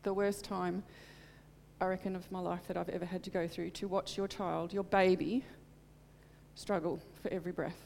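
A woman's voice: fairly low pitch, level tone, moderate pace, creaky, darkish tone, big-room sound, slight background noise. A middle-aged woman preaching in church, telling a personal testimony in an earnest, heartfelt way. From Australia. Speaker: church speaker.

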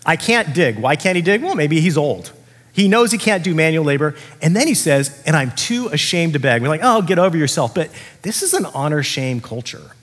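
A man's voice: fairly high pitch, sing-song, normal speed, a bit bright, breathy edge, big-room sound. A man preaching a sermon as the pastor, talking in a casual, conversational way and acting out the characters he quotes.

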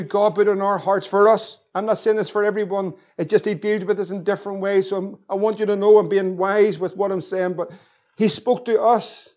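A middle-aged Northern Irish pastor preaching with fervour, pushing up into shouts at the peaks. His voice sits high for a man. The recording is dull and lo-fi. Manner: impassioned, rising to shouts, acts out the devil's voice. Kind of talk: sermon.

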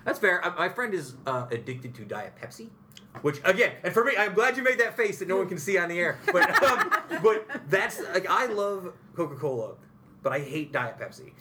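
A young man hosting a podcast, chatting casually with guests and telling animated stories with frequent laughter. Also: high voice, moderate pace, noisy background. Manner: animated storyteller, laughs often. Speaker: podcast host. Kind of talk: casual interview chat.

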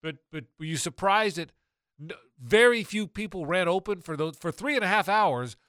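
A man hosting a sports talk show, talking football in an animated, rambling way with many restarts. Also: sits high, moderate pace, clear, resonant tone, dry recording, studio quality. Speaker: sports radio host.

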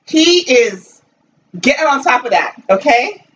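A woman from Jamaica co-hosting a podcast in casual chat, emphatic and quick in bursts. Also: sits high, animated, fairly bright tone. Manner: emphatic, talks in quick bursts with "listen" and "girl". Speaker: podcast co-host. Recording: dull distant mic with faint hiss.

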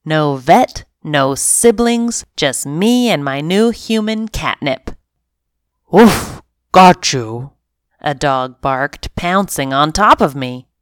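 Brief: female storybook narrator, low voice, lively inflection, unhurried. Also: clear, resonant tone, no echo, clean studio sound. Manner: expressive, animated reading in first person. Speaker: story reader.

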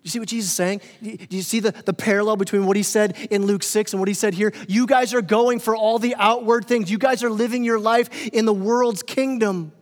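A male pastor delivers a sermon in a conversational, joking way. His voice sits high for a man. The long reverb of a church hall rings around each phrase. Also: fairly even intonation, brisk, hardly any pauses. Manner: conversational, playful, acts out quoted characters. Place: church sanctuary.

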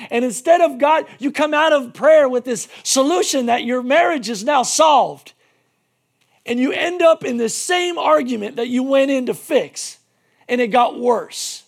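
A male pastor preaching a sermon emphatically, swinging between shouting and hushed tones. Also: very high voice, gravelly.

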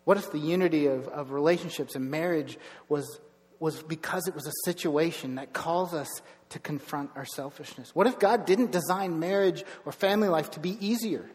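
A middle-aged man preaching a sermon as pastor, telling stories with lively bursts of emphasis. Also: a little high, normal speed, in a large hall. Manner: storytelling, animated with bursts of emphasis. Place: church sanctuary.

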